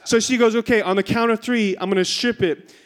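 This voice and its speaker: A man in his thirties preaching a sermon in church, telling a comic story with lots of energy before turning to his message. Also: a little fast. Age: 30s. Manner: animated storyteller, rising to high excited pitch in punchlines. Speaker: pastor. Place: church stage.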